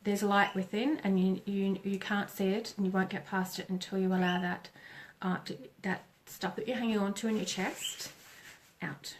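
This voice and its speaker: A middle-aged woman doing a live oracle reading, speaking gently with pauses and self-corrections. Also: mid-range voice, steady tone. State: tearful. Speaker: psychic reader on a live stream.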